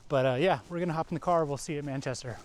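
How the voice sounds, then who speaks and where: A realtor-style local guide from the Rock Hill area of South Carolina hosts a casual walking tour vlog outdoors through a park and shopping plaza. His voice runs on the high side and he talks very fast, chatting easily and using lots of fillers.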